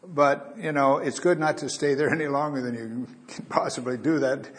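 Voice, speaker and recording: A man's voice: mid-range voice, fairly even intonation, normal speed, fairly bright tone. A man preaching a Bible teaching, talking casually to his listeners and reading scripture aloud with dramatic emphasis.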